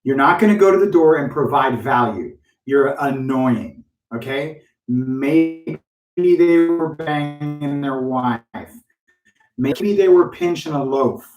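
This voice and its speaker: A man's voice: on the high side, reverberant, recorded from a distance. A man coaching real estate agents in a live-streamed training talk, speaking bluntly and cursing freely. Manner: blunt, profane, animated.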